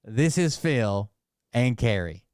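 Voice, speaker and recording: A man's voice: mid-range voice, very animated, takes it slowly, a little mellow, smooth, no room sound, studio quality. Sarcastic, profane male streamer. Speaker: commentary streamer. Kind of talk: casual live-stream commentary.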